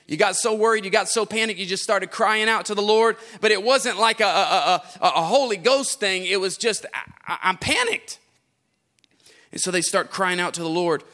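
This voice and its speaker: Male pastor, high and bright, sing-song sermon that drops to a hush and climbs to shouts. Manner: swings from hushed to shouting, repeats lines, sing-song preaching cadence.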